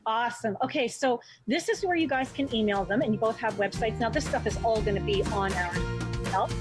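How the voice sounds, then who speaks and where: A woman's voice: a little high, a little fast, over music. A woman hosting a talk show, chatting with enthusiasm and plenty of animation. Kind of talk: casual talk show chat.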